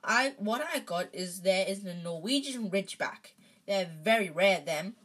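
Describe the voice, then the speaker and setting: A woman reading the lines of a big, gruff, kindly male groundskeeper, hesitant and rambling, with a husky voice. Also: medium pitch, animated, a little slow, a bit bright. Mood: proud.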